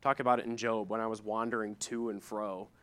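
A man's voice: fairly low pitch, little pitch movement, a little fast, a bit bright. A middle-aged man, preaching a sermon in a conversational way, reading scripture and adding asides. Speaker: pastor.

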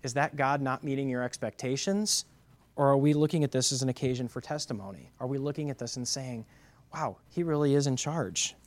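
A man giving a sermon as a pastor, moving from quiet reflection to loud, emphatic preaching full of rhetorical questions. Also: mid-range voice, fairly quick.

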